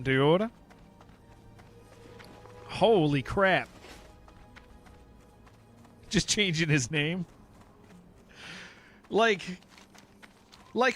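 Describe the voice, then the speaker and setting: A man's voice: high-pitched, fairly bright tone. A man streaming a game, chatting casually with viewers in a rambling, joking way and laughing often. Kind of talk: casual livestream chat while playing.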